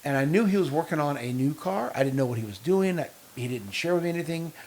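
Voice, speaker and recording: A man co-hosting a casual podcast chat, telling long, animated anecdotes full of quoted dialogue. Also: on the high side, fast. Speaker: podcast co-host.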